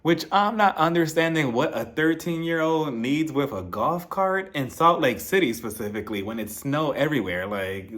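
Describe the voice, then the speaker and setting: A man's voice: on the high side, animated, normal speed, few pauses, fairly bright tone. A man recapping a reality TV episode in a sassy, gossipy chat, laughing often between remarks. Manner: sassy and gossipy, mimics the cast in quoted lines. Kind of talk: casual recap commentary.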